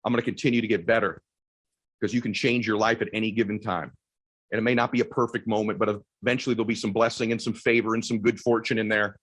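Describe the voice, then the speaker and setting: A husky-voiced man in his forties delivers a motivational talk from an event stage. His voice sits low and sounds dry and close. He talks fast and with energy, and shouts when the story peaks. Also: no echo. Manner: energetic, rapid-fire, shouting at high points. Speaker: motivational keynote speaker. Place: event stage before a live audience.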